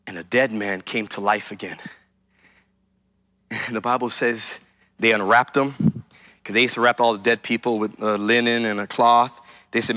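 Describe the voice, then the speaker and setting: A man's voice: medium pitch, moderate pace, bright, forceful tone. A male pastor preaching a sermon, emphatic, repeating his key lines and speaking straight to the congregation.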